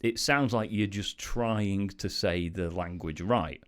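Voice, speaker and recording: A man's voice: deep voice, takes it slowly. A man co-hosting a podcast in casual banter, giggly and sweary. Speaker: podcast co-host.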